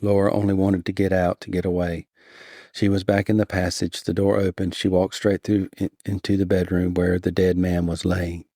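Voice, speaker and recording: A man reading a story aloud in a deliberately dull, unhurried way for bedtime listening. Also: low-pitched, no echo, clean studio sound. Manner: flat, unhurried, monotonous. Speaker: podcast host and reader.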